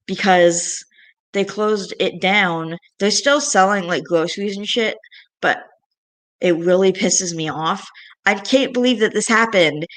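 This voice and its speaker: A woman's voice: medium pitch, fairly bright tone. A young woman vlogging, venting in a rambling, frustrated way with frequent sighs. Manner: frustrated, rambling, sighing often. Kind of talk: casual venting monologue.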